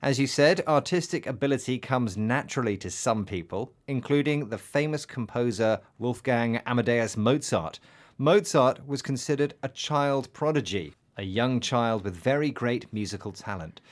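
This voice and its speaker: A man's voice: mid-range voice, lively intonation, normal speed. A man co-hosting an English learning program, presenting a script steadily and quizzing his co-host.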